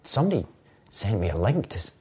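A man from Scotland chats as an actor guest on a talk show, wry and amused, trailing off into fillers. His voice is a bit husky and moves widely in pitch. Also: big pitch swings, quick pace, mellow. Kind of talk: interview chat.

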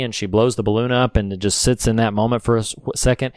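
A man's voice: lowish voice, fairly even intonation, fast, few pauses, darkish tone, dry recording. A man co-hosting a podcast, talking earnestly and thoughtfully about a film, with frequent restarts. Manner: earnest, reflective, many restarts. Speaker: podcast co-host. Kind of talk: casual film discussion.

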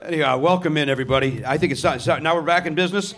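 A man's voice: fairly high pitch, rapid-fire, fairly bright tone. A man hosting a live comedy podcast on a theatre stage, riffing sarcastically and swearing freely.

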